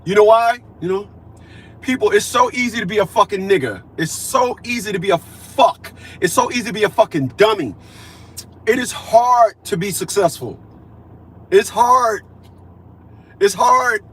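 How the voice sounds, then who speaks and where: A man in his fifties preaches and rants straight to camera, his voice pitched fairly high with a husky, breathy edge. He hammers points home by repeating them and swings between loud declarations and low, muttered asides. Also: moderate pace. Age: 50s. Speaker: vlogger. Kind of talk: profane ranting monologue.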